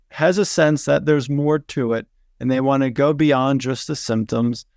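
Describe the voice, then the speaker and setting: Smooth-voiced male psychiatrist host, dry. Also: medium pitch, darkish tone, no room sound. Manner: measured and explanatory. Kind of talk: podcast conversation.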